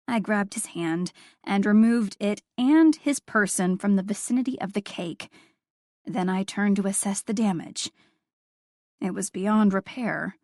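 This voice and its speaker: Woman narrator, first-person audiobook, wry and expressive, slow unhurried delivery, dry close sound. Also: mid-range voice, no room sound.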